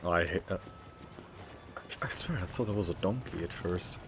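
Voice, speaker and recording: A man's voice: deep voice, moderate pace, background noise. A man streaming a role-playing game, chatting casually and reading the game's text aloud, often stumbling over words.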